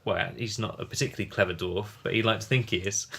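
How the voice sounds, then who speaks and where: A man co-hosting a casual podcast, earnest and quick to laugh. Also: on the low side, a bit bright. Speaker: podcast co-host. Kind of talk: casual chat.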